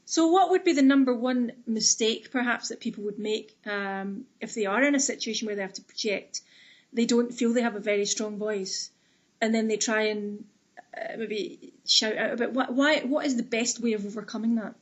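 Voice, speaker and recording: A woman's voice: on the high side, normal speed. A woman interviewer asking questions and rephrasing them as she goes. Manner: inquisitive, rephrasing her questions. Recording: dull lo-fi sound.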